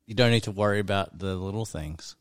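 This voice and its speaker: A man's voice: low voice, fairly quick, clear, resonant tone. A man co-hosting a podcast, who stays laid-back and answers with short reactions. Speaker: podcast co-host. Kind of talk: casual chat.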